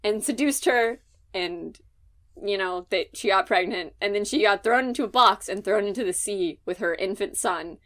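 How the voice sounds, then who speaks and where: A woman's voice: mid-range voice, normal speed, fairly bright tone. Laughing, rambling podcast co-host, woman. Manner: rambling, laughs often, self-mocking. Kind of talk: casual podcast chat.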